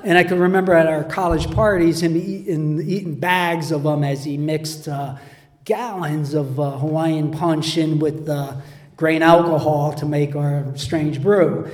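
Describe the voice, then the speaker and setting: A man's voice: fairly high pitch, steady tone, a little slow. A middle-aged man telling a personal story on stage in a rambling, self-mocking way, chuckling as he goes. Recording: echoey hall with long reverb.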